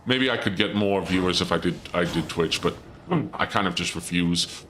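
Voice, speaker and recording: A man's voice: sits low, moderate pace, a bit bright, slight background noise. A male streamer chatting casually to his viewers and muttering self-critically while he plays a game. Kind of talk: casual gameplay commentary.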